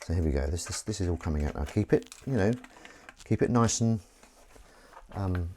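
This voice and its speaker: Male streamer, low voice with big swings, rambling and self-deprecating, faint background noise. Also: moderate pace. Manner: rambling, self-mocking and animated. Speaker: livestream host. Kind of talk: casual live-stream chat. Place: outdoors in wind.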